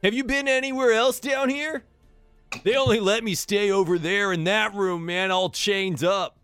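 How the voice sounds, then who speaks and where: A man's voice: sits high, steady tone, normal speed, fairly bright tone, clear, resonant tone, dry recording, faint music behind, voice pushed up. Man putting on a goofy surfer-dude guy. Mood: excited, friendly. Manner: drawling slang, "man" and "dude". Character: laid-back surfer-dude young man, cheerful and vain.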